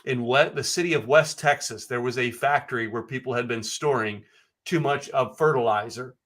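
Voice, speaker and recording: A man's voice: mid-range voice, moderate pace, a bit bright. A man co-hosting a business podcast, chatting casually, emphatic and prone to repeating words. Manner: emphatic, repeats words, asks pointed questions. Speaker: podcast co-host. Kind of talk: casual chat.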